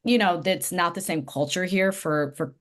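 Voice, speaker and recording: A woman's voice: on the low side, normal speed. A woman from the US West Coast, a nonprofit CEO answering podcast interview questions in an earnest, reflective storytelling manner. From Los Angeles, US West Coast.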